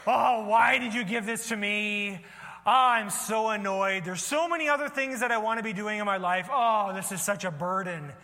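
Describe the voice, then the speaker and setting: A man's voice: high voice, moderate pace, pushed and bright. A man voicing a sulky, teenager-like servant who whines and sighs about his burden, in a sermon with long hall reverb. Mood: whiny. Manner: whiny, sighing, complaining. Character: teenage-like sulky male servant, annoyed by duty.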